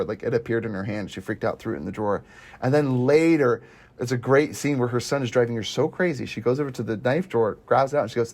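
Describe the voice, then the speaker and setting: Animated man reviewing a movie. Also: medium pitch. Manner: animated, acts out scenes in voices. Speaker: podcast host. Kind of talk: casual movie review chat.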